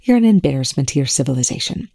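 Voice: mid-range voice, sing-song, racing, gravelly, dark tone, no room sound. A reader voicing a sardonic, coolly cutting male scientist in a fan fiction reading, with dry, sarcastic, politely biting delivery. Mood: scathing.

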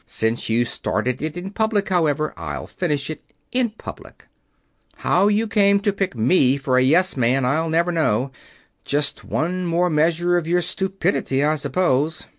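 A man voicing a calm, authoritative chief engineer who speaks quietly but cuts through. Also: fairly high pitch, a little slow, dry recording, clean studio sound. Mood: commanding.

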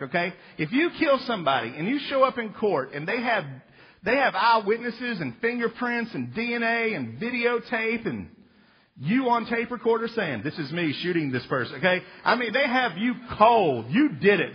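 A high, lively man preaches with joking, emphatic energy and slips into little acted voices. His voice is husky. A long hall reverb and a dull lo-fi recording tone surround him. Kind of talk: sermon.

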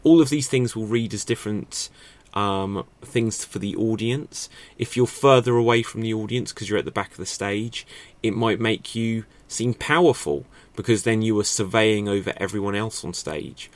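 Man teaching stagecraft, low voice. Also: moderate pace. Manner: thoughtful, rhetorical questions, many fillers. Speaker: acting and improv teacher. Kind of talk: casual spoken lesson to camera.

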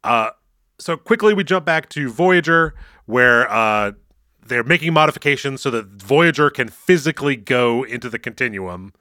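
A man's voice: mid-range voice, animated, moderate pace, sharp tone, dry recording, studio quality. A man co-hosting a podcast, chatting casually as he recaps a TV episode and acts out quotes in mock voices. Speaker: podcast co-host.

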